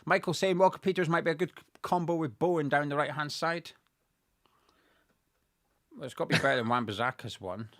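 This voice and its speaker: A man hosting a casual fan chat, reading viewer comments aloud in a measured way with some hesitant fillers. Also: a little high, fairly bright tone, no echo, studio quality. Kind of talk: casual live watch-along chat.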